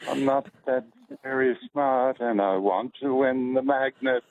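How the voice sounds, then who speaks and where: A man calling in to a radio quiz, halting and unsure of his words. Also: medium pitch, phone-quality sound. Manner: slow, halting, gravelly. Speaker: caller.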